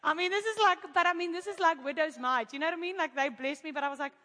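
A woman from Africa, telling a lively testimony to a congregation, animated and laughing often as she acts out the people in her story. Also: sits high, fast talker. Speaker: speaker giving a testimony to a congregation. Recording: echoey hall.

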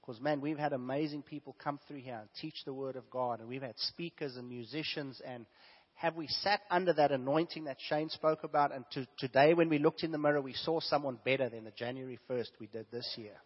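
A man preaches a sermon in a husky voice, sick with a fever and sore throat. He drops to hushed asides, then rises to loud, emphatic exclamations. The sound is dull and lo-fi, with a long echo from a church hall. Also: medium pitch. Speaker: pastor.

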